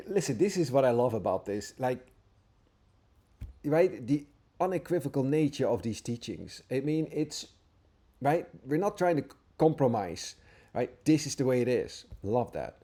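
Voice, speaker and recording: A man giving an earnest, informal spiritual talk, reading passages aloud and pausing to reflect, often checking in with "right?". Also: medium pitch, very animated, warm tone. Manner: earnest, repeatedly asks "right?". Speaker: spiritual teacher.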